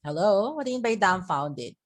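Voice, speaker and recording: A woman's voice: medium pitch, very animated, brisk. A woman teacher talking through a poem in class, often checking in with "okay?" and repeating herself as she explains. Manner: checks understanding with frequent "okay?"; restarts and repeats words while explaining. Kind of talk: literature lesson explaining a poem.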